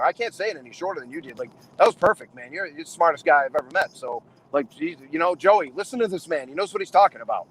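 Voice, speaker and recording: Middle-aged man, wrestling trainer host; quick, slightly high voice, rambling, emphatic, lots of restarts. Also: slightly rough, poor audio. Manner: rambling, restarts often, calls people man and brother; animated and emphatic. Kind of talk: casual chat.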